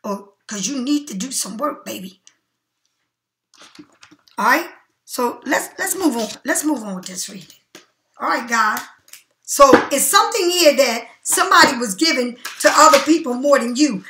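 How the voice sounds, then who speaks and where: A woman's voice: high-pitched, lively intonation, normal speed, pauses often, bright, forceful tone, a little hiss or hum. A woman giving a tarot reading in a blunt, profane, preachy and emphatic way. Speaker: tarot card reader. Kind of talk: casual tarot reading monologue. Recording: echoey room.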